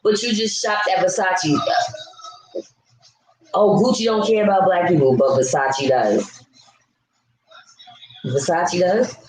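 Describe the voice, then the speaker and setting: A woman's voice: on the low side, slow, pauses often, a little mellow. Ranting New woman talking to her chat. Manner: blunt, ranting, talks back to chat. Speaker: vlogger. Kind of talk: casual live-stream chat with viewers. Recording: echoey room with faint background hum.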